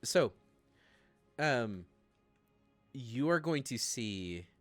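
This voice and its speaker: A man running a tabletop game on a live stream, laughing as he tries to rein in his players. His pitch swings up and down a lot as he talks. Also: very animated, very slow, fairly bright tone, no room sound, faint music behind. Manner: laughing, trying to keep order. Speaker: game master.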